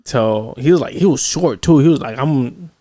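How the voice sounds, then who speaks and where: A male podcast host with a middle-pitched voice who talks in a loose, rambling way, full of swearing and fillers. The sound is dry and close to the mic, with no room around it. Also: lively intonation, normal speed, warm tone, no room sound. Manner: loose, profane storytelling with lots of fillers. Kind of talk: casual chat.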